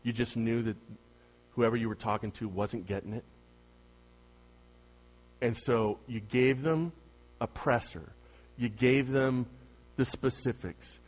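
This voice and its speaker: Man, pastor, sermon, emphatic, rhetorical questions, loud-to-soft swings, mid-range pitch. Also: fairly even intonation, slow, long pauses.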